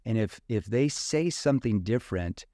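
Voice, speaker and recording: A man's voice: fairly low pitch, expressive, moderate pace, mellow, no echo, clean studio sound. A man from rural Missouri, a sales trainer talking casually in an interview and acting out questions in different tones.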